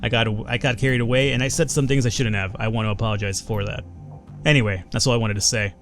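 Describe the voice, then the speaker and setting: A man's voice: mid-range voice, steady tone, quick pace, a bit bright, soft background music, natural voice. Man reading a blunt tough mercenary woman. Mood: terse. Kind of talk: reading game dialogue aloud.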